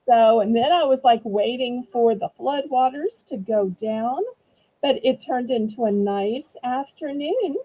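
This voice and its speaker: Southern lady hosting a live auction stream, high mellow voice, gushy and friendly. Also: a little slow, poor audio. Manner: gracious, chatty, effusive. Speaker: auction host.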